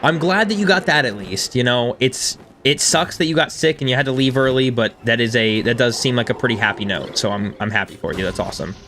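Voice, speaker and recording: A man's voice: medium pitch, lively intonation, a little fast, few pauses, a bit bright, a little hiss or hum. Chatty man streaming a game. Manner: chatty and self-deprecating, reading chat aloud. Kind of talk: casual live-stream chat over gameplay.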